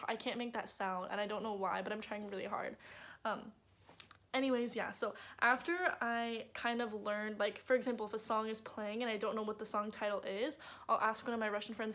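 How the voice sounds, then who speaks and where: A bubbly young woman talks straight to her camera in a loose, chatty vlog. Her speech is full of casual fillers, and her voice sits at an ordinary middle pitch for a woman. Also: steady tone, brisk, fairly bright tone. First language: English. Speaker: vlogger.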